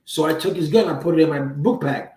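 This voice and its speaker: A man's voice: on the high side, quick pace, a little mellow, far from the mic. A man hosting a casual livestream, telling stories in loose, profane street slang from a room at home. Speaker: livestream host. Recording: roomy echo.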